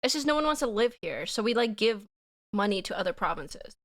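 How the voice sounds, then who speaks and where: A woman's voice: medium pitch, very animated, brisk, fairly bright tone. A young woman from Saskatchewan chatting casually on a live stream, giggling often and swearing lightly as she reads chat. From Saskatchewan, Canada.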